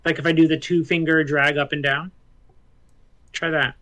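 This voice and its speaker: A man's voice: a little high, flat delivery, normal speed, fairly bright tone. A man playing in a tabletop game, chatty and helpful in casual talk. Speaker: player. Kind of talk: casual chat.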